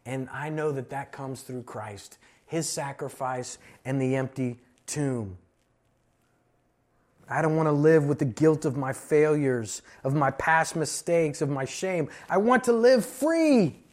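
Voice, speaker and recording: A male pastor preaching a sermon, emphatic and slowing down to stress key phrases. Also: mid-range voice, fairly even intonation.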